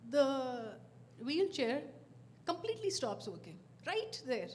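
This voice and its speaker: A woman speaking as a guest at a devotional gathering, telling a personal story in a lively, expressive way and acting out what was said. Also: high-pitched, slow, slight background noise.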